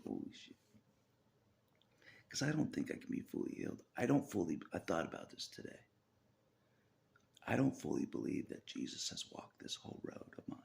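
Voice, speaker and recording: Very gravelly low-voiced man rambling. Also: a little mellow. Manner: chuckling often, half-whispered asides. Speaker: vlogger. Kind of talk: rambling personal monologue.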